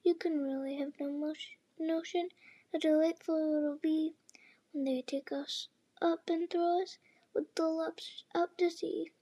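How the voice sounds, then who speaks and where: A woman's voice: very high voice, fairly even intonation, measured pace, dark tone. Mock Turtle, a woman reading mournfully. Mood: sad singing. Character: weepy sorrowful male Mock Turtle.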